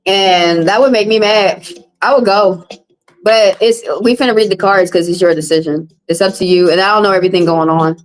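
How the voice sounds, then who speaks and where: A woman's voice: mid-range voice, fairly even intonation, fairly quick, poor audio. Blunt woman chatting with her viewers. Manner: blunt, casual, profane, talks straight to chat. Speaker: tarot reader. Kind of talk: live-stream chat with viewers.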